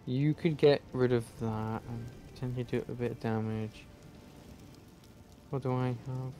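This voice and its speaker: A man's voice: mid-range voice, steady tone, unhurried, warm tone, faint music behind. A man playing a video game, muttering and swearing at it as he goes. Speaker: gamer. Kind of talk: game commentary.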